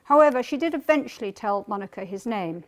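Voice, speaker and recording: A woman historian giving a public book talk, telling the story in a measured way and reading quoted testimony aloud. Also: a little high, expressive. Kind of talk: public lecture.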